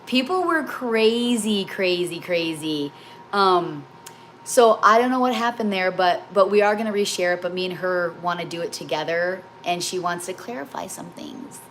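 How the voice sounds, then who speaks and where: A woman's voice: fairly low pitch, moderate pace, a bit bright, a little hiss or hum. Chatty middle-aged woman hosting a cooking live. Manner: emotional, rambling storytelling. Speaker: cooking livestream host. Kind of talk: casual chat while baking live.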